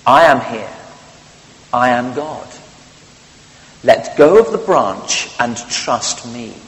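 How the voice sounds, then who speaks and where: A man voicing God speaking from heaven, slow and measured, in a reverberant hall. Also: medium pitch, expressive. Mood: calm. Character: calm commanding voice of God from heaven.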